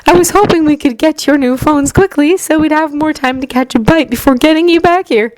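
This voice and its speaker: A woman voicing a warm, worried middle-aged mother who talks in a fussing, motherly way. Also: high-pitched, a little fast, no room sound, pitched above the performer's own voice, lightly acted, poor audio.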